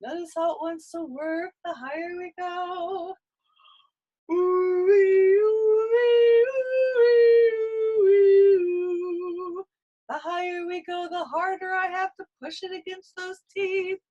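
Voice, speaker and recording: A woman's voice: extremely high pitch, normal speed, hardly any pauses, dull audio. A woman teaching a singing lesson, coaching patiently and leading sung vocal exercises.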